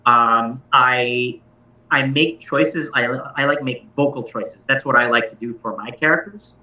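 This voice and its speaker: Bright-voiced man, distant and echoey. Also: medium pitch, a little slow. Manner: thoughtful, explanatory, self-correcting. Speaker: game master giving a talk. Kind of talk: casual convention talk. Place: convention room. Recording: echoey, distant, dull sound.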